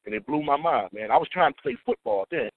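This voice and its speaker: A man's voice: on the high side, lively intonation, quick pace, no echo. Laid-back New man on a phone line. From Trenton, New Jersey. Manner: laid-back, often adds "you know what I'm saying" and "man". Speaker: DJ, interview guest. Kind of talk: casual interview chat. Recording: tinny phone-like dry line.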